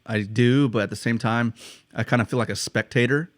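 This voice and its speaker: A man's voice: medium pitch, fairly even intonation, brisk, dry recording. Casual young man, dry close mic. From United States. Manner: swears a lot, laughs while telling stories. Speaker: podcast co-host. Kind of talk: casual chat.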